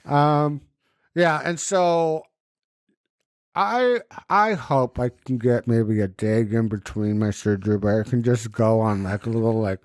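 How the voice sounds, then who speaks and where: A man's voice: mid-range voice, takes it slowly, pauses often, dry recording, studio quality. A man co-hosting a podcast in casual comedic chat, telling stories with lots of swearing and acted-out voices. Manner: animated storytelling, swearing, acting out quoted voices. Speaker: podcast co-host.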